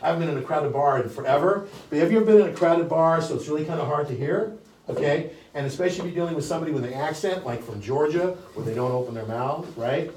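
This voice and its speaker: A man's voice: a little high, quick pace, darkish tone, slight background noise. An older man leading a live sales training, brash and blunt, with frequent profanity. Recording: echoey room, distant mic.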